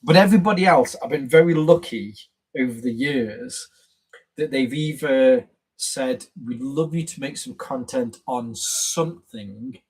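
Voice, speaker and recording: A man's voice: medium pitch, breathy edge, poor audio. A man hosting a casual live stream, rambling and chatty with plenty of fillers and self-corrections. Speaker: YouTube channel host on a live stream.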